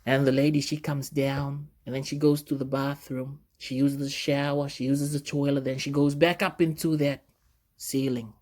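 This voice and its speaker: A man's voice: medium pitch, flat delivery, moderate pace, a little mellow. A man who works in cruise ship security, telling stories in a casual, rambling monologue full of fillers.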